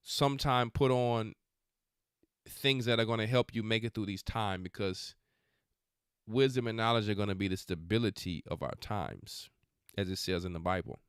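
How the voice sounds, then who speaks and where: A man's voice: fairly low pitch, moderate pace, clean tone, no room sound, clean studio sound. A man hosting a faith podcast, giving casual, scolding commentary on videos he plays, mixing slang with prayer. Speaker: podcast host.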